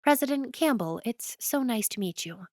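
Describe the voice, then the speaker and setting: A woman's voice: fairly high pitch, animated, moderate pace, a little mellow, dry recording, clean studio sound, voice pushed up, natural voice. Woman playing a blunt, snarky young heroine. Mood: frank. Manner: blunt and frank.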